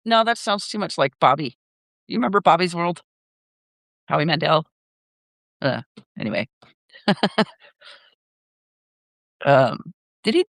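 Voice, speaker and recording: A man's voice: on the high side, big pitch swings, a little slow, gravelly, long pauses, fairly bright tone, dry recording, clean studio sound. An older man hosting a casual live chat, rambling with lots of fillers and laughter. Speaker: live stream host.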